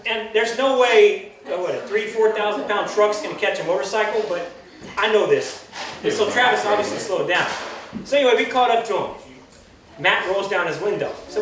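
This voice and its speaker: A man's voice: sits high, normal speed. Rambling man telling roast stories. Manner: rambling, laughing through his own stories. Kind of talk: storytelling to a party crowd. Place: large hall at a birthday party. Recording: echoey hall, distant mic, crowd noise.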